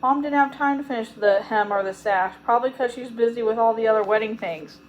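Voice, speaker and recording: A woman's voice: a little high, lightly acted, poor audio. Woman voicing an eager young schoolgirl. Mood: rushed. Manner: eager, apologetic, rushed. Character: lively schoolgirl putting on a show.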